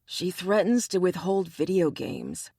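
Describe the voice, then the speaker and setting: A woman's voice: on the low side, a little slow, creaky, dark tone, slightly rough, no echo, studio quality, exaggerated voice. A woman voicing a wry, teasing man in an audiobook. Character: adult man, smirking shop-owner friend, wry.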